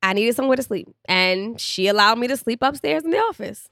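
A woman's voice: on the high side, animated, brisk, vocal fry, bright, forceful tone, dry recording, studio quality. A young woman co-hosting a podcast, chatting candidly and laughing often. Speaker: podcast co-host. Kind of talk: casual chat.

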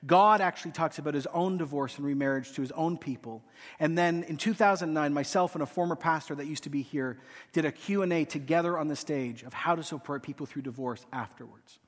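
A man preaching a sermon and leading a hushed, pleading prayer from a church stage. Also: on the high side, a little fast. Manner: earnest, hushed and pleading, voicing Jesus softly. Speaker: pastor. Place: large church auditorium. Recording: long hall reverb.

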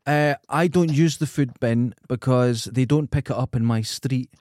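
A man's voice: mid-range voice, moderate pace, a little mellow, no room sound. Scottish guy teasing his co-host, dry jokes, dead dry studio sound. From Scotland. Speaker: podcast co-host. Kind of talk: casual chat.

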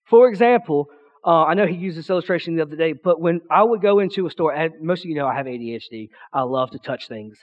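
A young man giving a youth pastor's sermon in a church, a loud, excitable talker who rambles with restarts and acts out the voices in his stories. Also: fairly high pitch, fast talker, muffled recording. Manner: chatty storytelling with restarts, acting out quotes. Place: church sanctuary.

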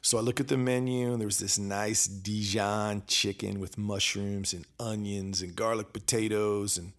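A man hosting a podcast, telling a personal story in a casual, animated way and acting out both sides of the exchanges. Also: lowish voice, normal speed. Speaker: podcast host.

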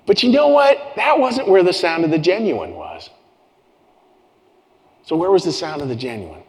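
A man's voice: sits high, big pitch swings, moderate pace. A man preaching a sermon as pastor to his congregation, earnest, often repeating phrases and restarting his sentences. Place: church sanctuary with congregation. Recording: long hall reverb with soft guitar.

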